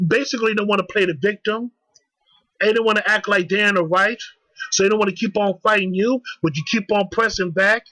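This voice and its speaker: High-voiced man ranting, heated and profane. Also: bright, forceful tone, no room sound, poor audio. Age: young adult. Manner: heated, profane, repeats himself. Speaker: vlogger. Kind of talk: angry rant.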